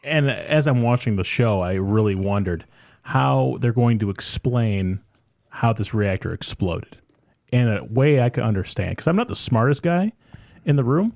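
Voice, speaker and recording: A man in a casual podcast chat, relaxed and self-deprecating, swearing now and then. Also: mid-range voice, normal speed, gravelly, no room sound, studio quality.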